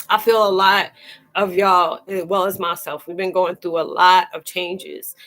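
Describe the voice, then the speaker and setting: A woman with a lower voice hosts a spiritual live chat as a reader, close to tears and speaking earnestly over soft background music. She chats colloquially, addressing viewers by name and calling them sweetie, with fillers and restarts. The audio quality is poor.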